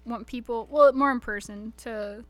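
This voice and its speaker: A woman co-hosting a radio show, chatty and quick to laugh. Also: fairly high pitch, dry recording. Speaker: co-host. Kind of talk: casual podcast chat.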